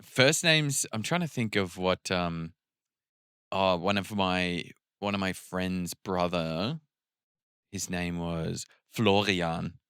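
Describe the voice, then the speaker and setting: A laid-back man co-hosting a casual podcast, laughing often as he talks. His voice sits fairly low. The sound is close and dry. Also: takes it slowly, fairly bright tone, smooth, no echo. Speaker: podcast co-host. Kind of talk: casual chat.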